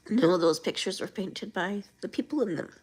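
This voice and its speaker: A woman's voice: mid-range voice, normal speed, darkish tone, breathy edge, low-quality recording. A tearful woman hosting a casual livestream from home, reading viewer comments aloud and answering them. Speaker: livestream host.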